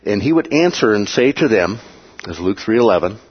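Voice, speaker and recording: A man teaching a Bible study lesson in an animated way, acting out quoted voices and often checking in with "okay?" and "right?". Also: lowish voice, brisk, slightly rough, highs cut off.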